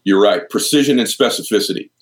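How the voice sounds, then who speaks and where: A deep-voiced man in his fifties, an entrepreneur and speaker, talking earnestly and openly about his vulnerabilities in an interview. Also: fast talker. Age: 50s. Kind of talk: candid interview conversation.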